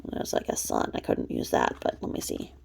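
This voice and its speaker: A woman's voice: normal speed, a little mellow. A woman hosting snarky gossip commentary, profane, mocking and blunt. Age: adult mother. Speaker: commentary channel host.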